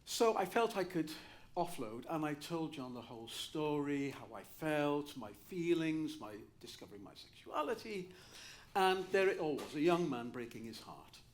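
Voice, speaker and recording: An older Welsh man telling comic anecdotes on stage in an animated, theatrical manner. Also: fairly high pitch, moderate pace. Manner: animated, theatrical, lively delivery. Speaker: cabaret raconteur.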